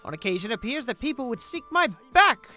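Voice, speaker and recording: A man voicing an ancient, enormous sea spirit in a formal, measured, old-fashioned way, reading game dialogue aloud. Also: very high voice, sing-song, pushed and bright, soft background music, voice pushed up, full character voice. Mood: stately.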